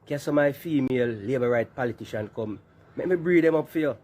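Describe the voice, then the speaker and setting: A man's voice: mid-range voice, fast talker, darkish tone. Jamaican guy roasting politicians in patois, mocking and laughing. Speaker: commentator. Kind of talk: casual political commentary.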